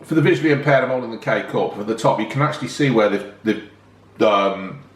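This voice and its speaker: A man's voice: lowish voice, a little fast, reverberant. A man, chatting enthusiastically as a casual food review vlogger, often talking while eating.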